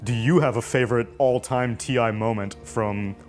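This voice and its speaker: A man's voice: medium pitch, steady tone, normal speed, darkish tone, faint music behind. A man interviewing a player, asking questions in an upbeat, encouraging way.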